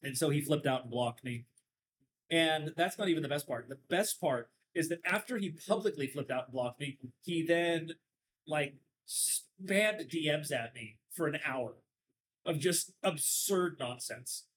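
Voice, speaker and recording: A man's voice: on the high side, lively intonation, measured pace, a bit bright, a little hiss or hum, low-quality recording. A man with a Southern Californian accent, hosting a casual podcast and telling stories at length in a sardonic, rambling way. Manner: talkative, sardonic, rambling storyteller. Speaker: podcast host. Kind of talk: casual chat.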